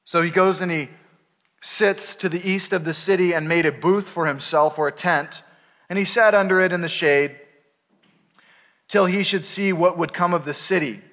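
A pastor preaching a sermon, telling the story with playful voices for the characters. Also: male voice, sits high, normal speed, a bit bright. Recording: hall reverb.

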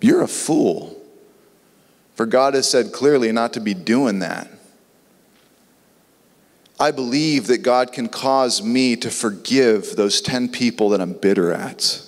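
A man's voice: medium pitch, measured pace. A man preaching a sermon in an earnest way, sometimes acting out biblical dialogue in voices. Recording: long reverb.

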